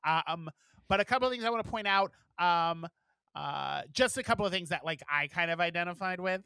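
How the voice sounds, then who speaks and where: A man's voice: high-pitched, animated, brisk, creaky, sharp tone, smooth, no echo. A man co-hosting a casual podcast, chatting loosely and swearing freely as he recaps a show. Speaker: podcast co-host. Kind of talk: casual chat.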